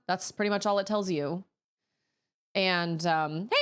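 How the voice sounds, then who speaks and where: A woman's voice: medium pitch, steady tone, moderate pace, fairly bright tone, clear, resonant tone. A woman streamer chatting casually to her audience in a rambling way, often laughing. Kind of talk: casual chat on a gaming stream.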